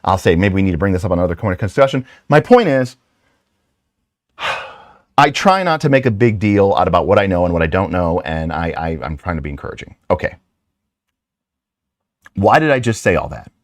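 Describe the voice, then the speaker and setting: Middle-aged male host, lively swooping delivery, dry close sound, rambling and self-deprecating. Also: deep voice, a little fast, pauses often, dry recording. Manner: self-deprecating, animated storytelling with frequent restarts and asides. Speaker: channel host. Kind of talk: casual rambling talk.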